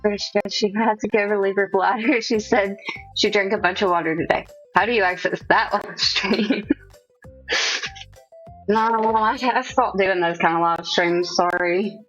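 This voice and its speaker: A woman's voice: medium pitch, steady tone, unhurried, a bit bright. Woman streamer rambling to chat, laughs at herself, kinda lo-fi mic, faint music under. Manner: chatty, self-mocking, nervous laughs. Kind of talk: casual chat with live chat. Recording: dull lo-fi stream audio.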